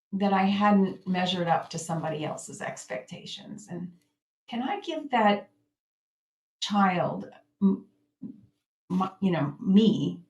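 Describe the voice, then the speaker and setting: A woman teaching self-help in a gentle, reflective way, sometimes acting out her own inner thoughts. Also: on the low side. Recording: echoey room, voice off-mic.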